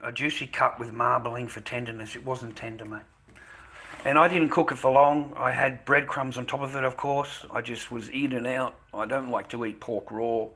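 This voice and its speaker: A man's voice: medium pitch, fairly even intonation, moderate pace, fairly bright tone. Rambling, foul-mouthed Australian man. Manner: profane, rambling, with frequent fillers and repeated "mate". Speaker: vlogger. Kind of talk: casual rant to camera.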